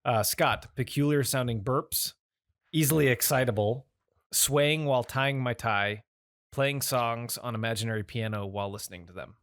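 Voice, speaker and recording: A man co-hosting a podcast, reading items off a list at a steady pace. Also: medium pitch, moderate pace, no room sound, clean studio sound. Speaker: podcast co-host. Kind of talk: casual chat.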